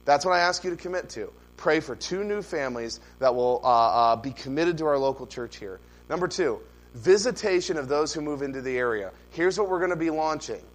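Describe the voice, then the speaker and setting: Earnest preaching pastor, man, high-ish voice. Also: lively intonation, brisk, low-quality recording. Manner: earnest, builds to loud impassioned preaching. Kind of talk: sermon. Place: church sanctuary.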